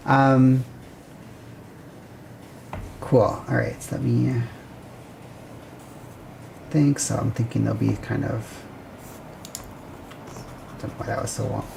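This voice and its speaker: A woman's voice: very deep voice, creaky, dark tone, slight background noise. A woman hosting a livestream, casually thinking aloud and chatting with viewers while she sketches a building plan. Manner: rambling, self-correcting, chatty with viewers. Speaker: livestream host.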